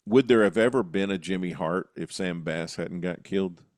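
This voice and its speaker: A man's voice: low-pitched, normal speed, no echo, studio quality. A man co-hosting a casual podcast, raising questions and recapping history in an easy conversational way. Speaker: co-host of a wrestling history show.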